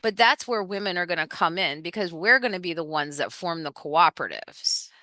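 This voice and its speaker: Bright, crisp-voiced woman guest. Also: on the low side, lively intonation, brisk, dry recording. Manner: earnest, repeats points for emphasis. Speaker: podcast guest. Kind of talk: casual political chat.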